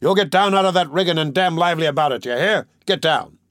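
Harsh, commanding sea captain, cynical and loud, put on by a male reader in a dry audiobook. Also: medium pitch, animated, normal speed, no room sound. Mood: angry.

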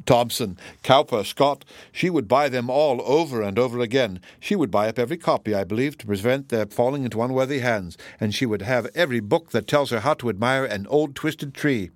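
A man reading a wry, reserved young gentleman. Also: mid-range voice, fairly quick, few pauses, no echo, lightly acted. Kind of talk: audiobook character reading.

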